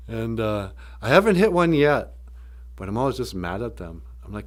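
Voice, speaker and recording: A man's voice: on the low side, big pitch swings, normal speed. A man teaching a language on a livestream in a casual, joking way, laughing often.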